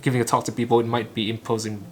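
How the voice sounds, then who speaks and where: A man from Vietnam shadows a recorded talk line by line, haltingly, as practice for his English. He is a channel host whose first language is Vietnamese, and his clipped phrases stumble and restart often. His medium-pitched voice shows little pitch movement, and soft music plays in the background.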